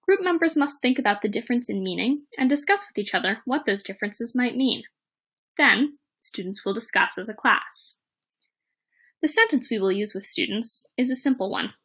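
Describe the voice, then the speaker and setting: A woman presenting a teaching plan in a measured, read-aloud narration. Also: on the high side, lively intonation, a bit bright, slightly rough.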